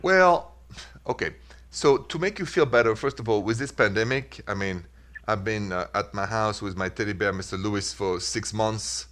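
A man's voice: lowish voice, normal speed, fairly bright tone. A man with a French accent hosting a call-in advice show, upbeat and reassuring. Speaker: radio advice show host.

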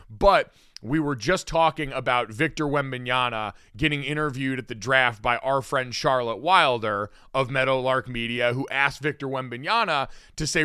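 A man's voice: mid-range voice, pushed and bright, clean tone, no room sound, clean studio sound. A man hosting a sports podcast, chatting casually and steering the talk between topics. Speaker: podcast host.

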